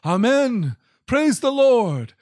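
A man reading aloud voices a vast crowd in heaven shouting praise, lifting his voice high and stretching the words. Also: big pitch swings, takes it slowly, no echo, studio quality, exaggerated voice. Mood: exultant.

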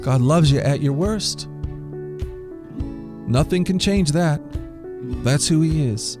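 A man hosting a daily Bible reading show for children, reading scripture and giving a short devotional, slowing down to stress key lines. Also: fairly high pitch, music in the background. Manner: expressive storyteller, slows down for emphasis.

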